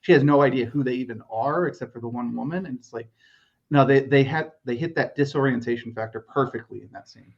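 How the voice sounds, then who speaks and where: A man co-hosting a podcast, explaining scenes in a measured, detailed way. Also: medium pitch. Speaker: podcast co-host. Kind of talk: casual podcast chat. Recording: slightly dull lo-fi mic.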